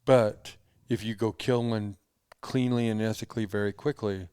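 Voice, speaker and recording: A man co-hosting a podcast in casual chat, halting with many false starts. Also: lowish voice, fairly even intonation, warm tone, clear, resonant tone, no echo. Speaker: podcast co-host.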